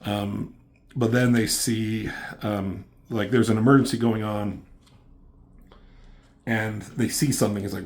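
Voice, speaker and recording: Man, very low voice, casual comic book review, rambling, filler-heavy, swears offhand. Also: fairly even intonation, a little slow, long pauses, darkish tone.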